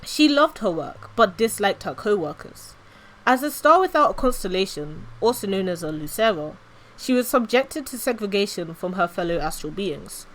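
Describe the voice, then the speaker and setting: Woman streamer reading a story out loud, expressive, bright crisp voice. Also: mid-range voice, normal speed, rough recording.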